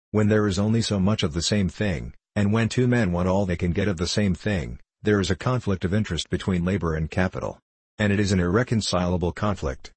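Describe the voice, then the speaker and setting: A man reading a steady, patient male debater. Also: deep voice, breathy edge, dry recording. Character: earnest male socialist debater, confident.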